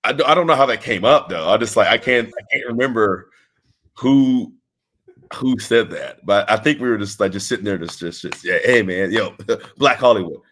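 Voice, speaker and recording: A man from Texas chats as an interview guest in a low-pitched voice. He talks loosely, restarting sentences and trailing off, relaxed and unhurried. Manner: laid-back, rambling with restarts and laughs. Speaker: wrestling guest. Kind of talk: casual interview chat.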